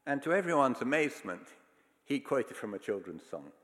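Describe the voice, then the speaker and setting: A man's voice: mid-range voice, sing-song, moderate pace, fairly bright tone. A man preaching a sermon, telling stories in an earnest, emphatic way. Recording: long hall reverb.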